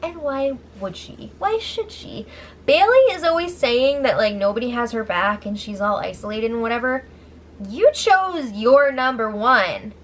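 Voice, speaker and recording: A woman with a slightly high voice recaps reality-TV drama in a casual, chatty way. She breaks in with sarcastic, incredulous comments. Faint noise sits under her voice. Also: lively intonation, a little slow, a bit bright. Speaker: show recap host.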